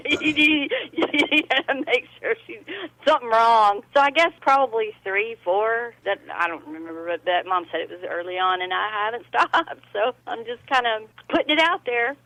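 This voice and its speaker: A bubbly woman with a fairly high voice chats as a guest on a radio show. She laughs easily and keeps the talk light. Her voice sounds close and dry. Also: moderate pace, sharp tone, dry recording, poor audio. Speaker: guest singer. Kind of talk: casual radio chat.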